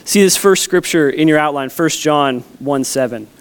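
A man's voice: a little high, moderate pace, clean tone. A man in his thirties, a pastor preaching a conversational sermon with a folksy, storytelling manner. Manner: folksy, storytelling with family anecdotes.

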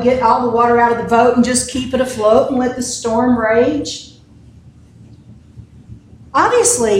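Woman preacher, high voice, unhurried conversational sermon, echoey room. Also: a little mellow. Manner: conversational storytelling with humorous asides. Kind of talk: casual sermon. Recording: echoey room with faint noise.

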